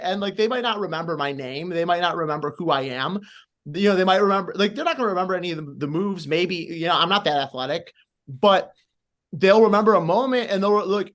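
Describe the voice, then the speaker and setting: A man's voice: sits high, brisk, fairly bright tone. A man who wrestles, asking for advice in a rambling way, full of "like" and false starts. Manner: rambling, many fillers and restarts, eager and apologetic. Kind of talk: casual interview questions.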